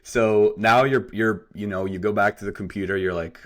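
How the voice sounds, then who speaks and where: A podcast host with a very low male voice. He sets up questions calmly and conversationally, walking his guest back through key moments. Now and then he reads a passage aloud. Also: moderate pace. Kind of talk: interviewing.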